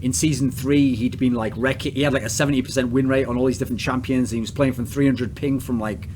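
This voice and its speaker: A man's voice: medium pitch, steady tone, quick pace, noisy background. An English man hosting a casual podcast chat, blunt, provocative and crude in his questions. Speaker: podcast host.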